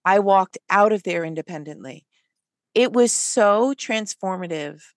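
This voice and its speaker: A woman guest telling a personal story in conversation, animated and lively, with frequent fillers and restarts. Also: mid-range voice, measured pace, no echo, clean studio sound. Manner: animated, lively storyteller who acts out what people said; hesitant, with many fillers and restarts.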